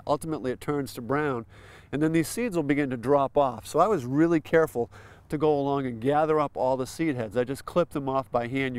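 A man's voice: mid-range voice, clean tone, dry recording. A man hosting a lawn care lesson outdoors, explaining steps in a folksy, plain way with simple comparisons. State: a little out of breath at times. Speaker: lawn care show host. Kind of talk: instructional demonstration.

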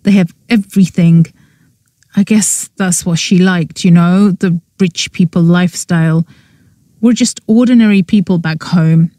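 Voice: medium pitch, fairly even intonation, a little slow, warm tone, no echo, clean studio sound, lightly acted. An audiobook narrator voicing a grieving young man who talks bitterly and in shock about a lost girlfriend. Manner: upset, bitter. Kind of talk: audiobook character voice.

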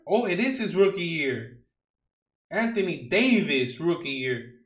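A man's voice: fairly high pitch, big pitch swings, unhurried, reverberant, poor audio. A young man opening trading card packs on a stream, talking casually in slang and joking with mock outrage at the cards he pulls. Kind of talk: casual unboxing chat.

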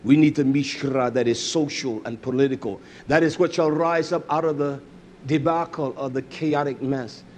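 A male preacher giving a fiery sermon, swinging between loud outbursts and low muttering, repeating phrases and crying hallelujah. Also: steady tone, normal speed.

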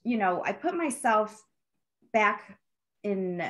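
A middle-aged woman, a panel guest, earnestly recounting her family history with animated retelling. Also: mid-range voice, slow pace. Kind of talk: personal storytelling.

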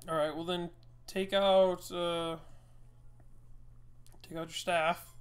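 A man giving casual, loud, teasing commentary while playing a card game with a friend, swearing now and then. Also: high-pitched, level tone, takes it slowly, clean tone. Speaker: card game player and co-host.

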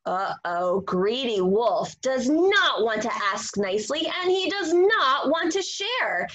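A woman teacher reading a story aloud to young children, animated and expressive. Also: fairly high pitch, slow, low-quality recording. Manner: animated, expressive, gasping for effect.

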